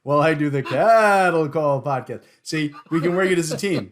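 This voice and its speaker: A man hosting a podcast in casual chat, joking and animated, often stumbling and repeating words. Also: on the high side, moderate pace. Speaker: podcast host.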